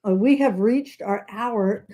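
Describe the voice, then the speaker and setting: A woman with a light Southern US drawl hosting a casual live chat, talkative and quick to laugh at herself, heard over a video call. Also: mid-range voice, dark tone. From Southern United States. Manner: chatty, laughs often, self-mocking. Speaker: host.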